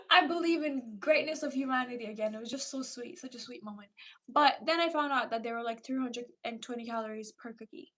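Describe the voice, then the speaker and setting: Woman in her thirties, Romanian accent with Irish and London traces, high voice, chatty livestream host. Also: brisk. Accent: Romanian, with Irish and London English. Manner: chatty, animated storytelling, fillers like "like". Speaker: livestream host reading chat. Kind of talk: casual chat with viewers.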